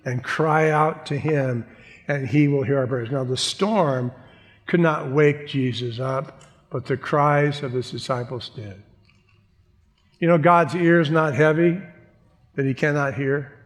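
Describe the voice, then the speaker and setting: Male pastor, sermon delivery: emphatic, conversational, slightly high voice, reverberant hall sound. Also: slow pace.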